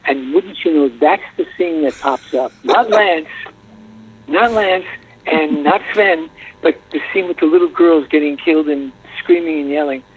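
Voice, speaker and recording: An older man, a voice actor guest, telling rambling anecdotes in a casual interview over the phone, with a soft, husky voice. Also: on the high side, unhurried. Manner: chatty, rambling anecdotes with restarts. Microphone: telephone. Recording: dull lo-fi phone line.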